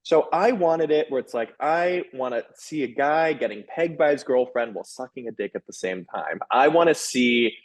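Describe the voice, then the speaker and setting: Candid male guest, thirties, lively and chatty with lots of fillers. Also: mid-range voice, rough recording. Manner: animated, frank, quick restarts and "like" fillers. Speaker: author and sex columnist, guest. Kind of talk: candid conversational interview.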